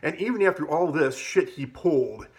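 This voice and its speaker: A man's voice: fairly high pitch, expressive, moderate pace. A man spins a loose, rambling personal story. He swears freely and leans on fillers like "like" and "you know" as he talks. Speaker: vlogger. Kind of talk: casual storytelling.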